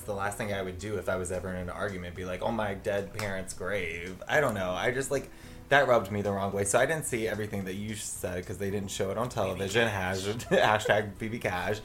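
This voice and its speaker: A man's voice: fairly low pitch, a bit bright. A man in a casual podcast chat, joking and making wry asides.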